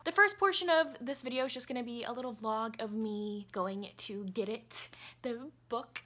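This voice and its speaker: A woman's voice: on the high side, sharp tone. A young woman, gushing in a casual book vlog from her apartment. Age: young adult. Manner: giddy, gushing, talks with laughs and repeats. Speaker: book vlogger. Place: apartment room, indoors.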